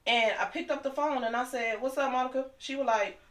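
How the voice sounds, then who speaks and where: A woman's voice: on the high side, fairly bright tone. Impassioned woman in an echoey room. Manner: impassioned, talks fast and heated. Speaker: guest. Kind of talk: emotional personal storytelling.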